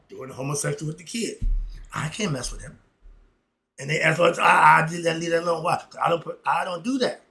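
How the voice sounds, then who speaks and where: Speaking in a slightly high voice, a male commentary vlogger delivers an off-the-cuff opinion rant to his audience. He lurches from loud outbursts to muttered asides, staying fiery and emphatic and chuckling between points.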